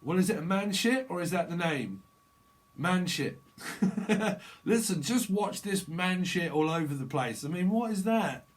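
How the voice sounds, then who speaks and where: A man's voice: high voice, expressive, unhurried. A man giving a rambling, jokey tarot reading, laughing often between his thoughts. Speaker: tarot reader. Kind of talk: casual tarot reading monologue.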